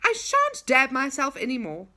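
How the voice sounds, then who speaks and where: Storybook male character, woman reading: excitable, fretful, high and lively. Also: moderate pace, full character voice. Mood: chatty.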